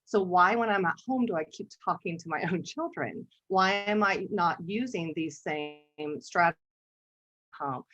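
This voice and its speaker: A woman art therapist giving a conversational webinar talk, telling a story and often clearing her throat. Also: lowish voice, normal speed, fairly bright tone. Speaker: art therapist and workshop presenter. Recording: dull lo-fi webinar audio.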